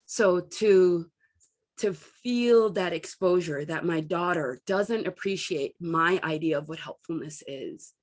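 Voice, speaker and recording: A middle-aged woman coach gives a candid self-help talk, her voice on the low side and her pace slow. She tells personal stories and animatedly acts out what people said to her.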